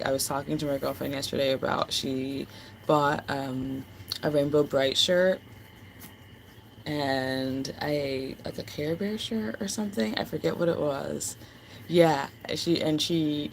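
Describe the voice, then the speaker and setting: A woman's voice: low-pitched, vocal fry, a little hiss or hum, poor audio. A woman hosting a livestream, chatting casually and affectionately with viewers, full of fillers. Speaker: livestream host. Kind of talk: casual chat with live chat.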